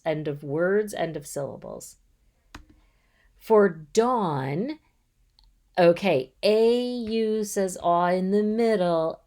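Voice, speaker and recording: A woman's voice: fairly low pitch, a little mellow. A woman in middle age giving a patient, step-by-step voice-over lesson for reading tutors. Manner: slow, patient, explaining step by step. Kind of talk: instructional voice-over.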